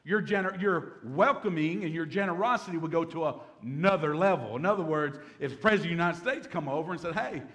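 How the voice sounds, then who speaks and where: A man's voice: fairly high pitch, fast, hardly any pauses, a bit bright. A man, a pastor preaching a Bible-teaching sermon in a folksy way, with humorous asides.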